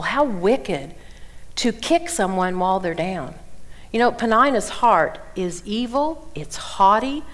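A woman in her sixties teaching the Bible at a women's conference, telling stories with animated delivery and acting out the people she quotes. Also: mid-range voice. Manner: animated storytelling, acts out quoted voices.

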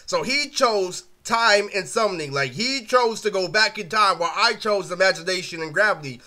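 Young guy with a really high bright voice, rambling and swearing through a story, lots of fillers. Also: expressive, normal speed. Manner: rambling and profane, fillers of "literally". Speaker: vlogger. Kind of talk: casual storytime vlog.

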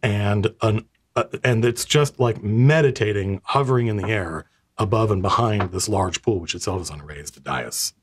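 A man's voice: fairly low pitch, moderate pace, slight background noise. A man narrating as game master of a tabletop game, losing his voice, describing scenes in a rambling, stop-start way.

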